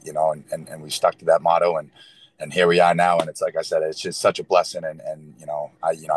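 A man's voice: very deep voice, rough recording. A man in his thirties, a professional football player, answering interview questions earnestly with lots of fillers. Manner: earnest, rambling with many fillers. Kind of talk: casual interview talk.

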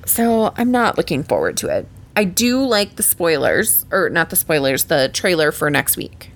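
A woman with a lowish voice chatting casually as a podcast co-host. Her pitch swings widely as she talks about reality TV, and she sounds exasperated and animated, swearing freely. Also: normal speed. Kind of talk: casual reality-TV recap chat.

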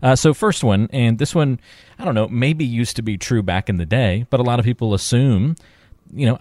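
A man co-hosting a talk show about finances, telling stories in a relaxed way with fillers and laughs. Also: mid-range voice, moderate pace, no room sound. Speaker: podcast co-host. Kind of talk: casual chat.

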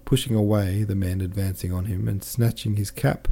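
Reading a classic novel with careful, measured delivery, this male audiobook narrator pauses to correct the odd mistake. His voice is low, dark and mellow, yet also gravelly and husky, with fairly even intonation.

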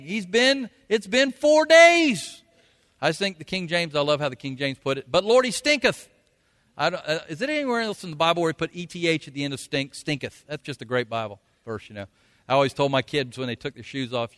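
A man delivers a folksy sermon in a high, bright voice. He now and then bursts into loud, acted quotes. His words echo through a large hall with a long reverb. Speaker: pastor.

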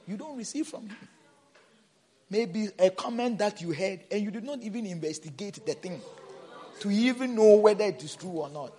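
A man preaching a sermon as pastor, swinging between shouted emphasis and soft low asides, repeating words and asking the congregation questions. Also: lively intonation, moderate pace, breathy edge.

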